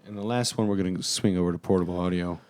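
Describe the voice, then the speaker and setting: Male podcast co-host, low and mellow, chatty and joking. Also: fairly even intonation, fast, no echo, clean studio sound. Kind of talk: casual chat.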